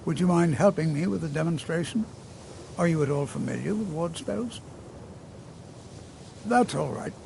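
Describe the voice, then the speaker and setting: A gentle old wizard instructor from a fantasy video game, lecturing his class with a lively, rising and falling voice and a gravelly crackle. Slightly high for an old man. Steady background noise runs under the game audio. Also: moderate pace, pauses often. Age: older. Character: patient, kindly old male wizard teacher. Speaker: magic instructor.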